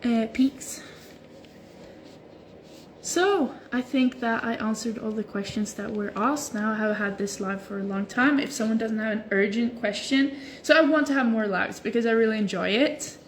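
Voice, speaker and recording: A young woman, voice on the high side and pace moderate, hosts a relaxed livestream from her phone at home. She stretches while chatting through viewer comments, leaning on "like" fillers, and a little hiss or hum can be heard.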